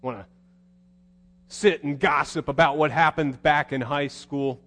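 A man's voice: on the high side, steady tone, a little slow, long pauses, a bit bright. A male preacher giving a sermon in a conversational, wry storytelling manner. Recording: long hall reverb.

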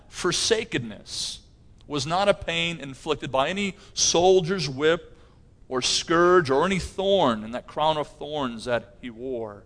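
A man's voice: on the high side, unhurried, fairly bright tone. A middle-aged pastor preaching a sermon, earnest, with his voice rising in intensity on key phrases.

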